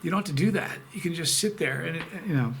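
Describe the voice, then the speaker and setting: A man speaks in a gravelly, slightly raised voice, circling back and restarting as he talks straight to the camera. His manner is heartfelt and rambling, with faint noise in the background. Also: a little high, a bit bright. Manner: rambling, halting, emotional, many restarts. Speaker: chili pepper channel host. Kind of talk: casual vlog talk to camera.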